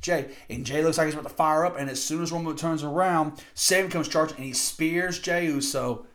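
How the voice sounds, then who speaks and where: Excitable man recapping wrestling, higher voice. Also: moderate pace. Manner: excitable, profane play-by-play recap. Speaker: wrestling podcast host. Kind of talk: casual opinionated review.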